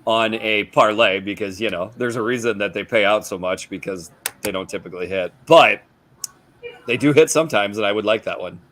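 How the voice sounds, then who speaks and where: A man's voice: lowish voice, a bit bright. A man with a Minnesota accent, a guest on a sports radio show, talking casually about college football picks with frequent restarts. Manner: halting, restarts, easygoing.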